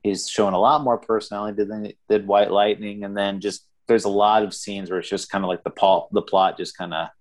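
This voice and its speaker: A man with a notably low voice co-hosts a casual film podcast. He talks loosely, circling back with fillers and restarts as he recalls scenes. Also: level tone, fairly quick, hardly any pauses. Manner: rambling, many fillers and restarts. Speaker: podcast co-host. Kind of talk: casual movie review chat.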